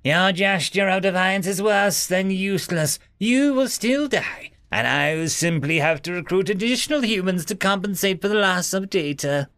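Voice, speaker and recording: A man voicing a smug, gloating alien captor with a high, warbling voice. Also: lively intonation, fairly bright tone, smooth. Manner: slow, gloating, later stammering in fear.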